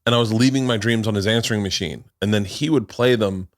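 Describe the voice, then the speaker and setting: A man's voice: on the low side, quick pace, no room sound, clean studio sound. A middle-aged man hosting a podcast, rambling through casual stories and acting out quotes, swearing freely. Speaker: podcast host. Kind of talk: casual chat.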